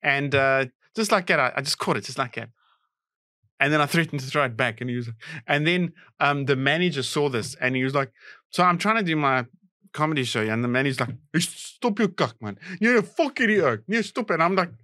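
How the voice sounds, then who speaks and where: A man co-hosting a comedy podcast, an animated storyteller who acts out the people in his stories and laughs loudly. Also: medium pitch, a little fast, no room sound, studio quality. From South Africa. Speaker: podcast co-host. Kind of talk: casual comedic chat.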